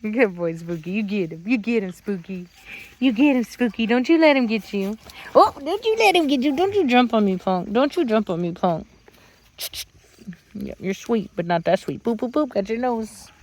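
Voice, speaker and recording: A woman's voice: fairly high pitch, lively intonation, moderate pace, darkish tone. A woman dog breeder from Virginia, filming outdoors and chatting casually, talking to her dogs in a sing-song baby voice and laughing often.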